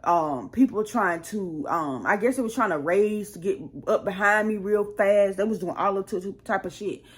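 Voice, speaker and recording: A woman's voice: mid-range voice, moderate pace, breathy edge. A woman hosting her own channel, telling a rambling storytime full of profanity and acting out her heated arguments. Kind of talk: casual storytime monologue.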